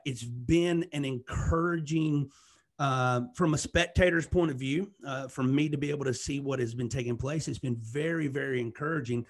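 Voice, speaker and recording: A man with a Southern US accent hosting a podcast interview in a casual, upbeat and effusive way, often restarting his words. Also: medium pitch. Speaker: podcast host.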